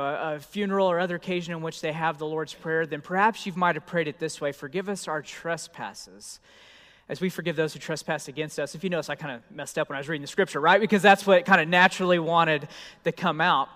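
A middle-aged man preaching a sermon and telling a lively, self-deprecating personal story. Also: on the high side. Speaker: pastor. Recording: long hall reverb.

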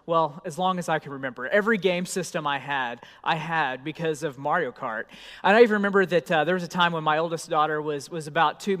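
A middle-aged man preaching a sermon and telling a lively, self-deprecating personal story. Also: sits high. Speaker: pastor. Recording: long hall reverb.

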